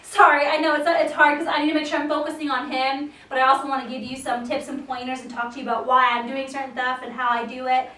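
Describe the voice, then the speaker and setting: A young woman demonstrates dog training, talking viewers through her reasons in a high voice. She speaks from a few steps away from the camera, and the room around her rings with echo. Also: flat delivery, fast, few pauses, bright, forceful tone, recorded from a distance. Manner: explains to viewers between short commands and praise to the dog. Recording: echoey room, voice off-mic.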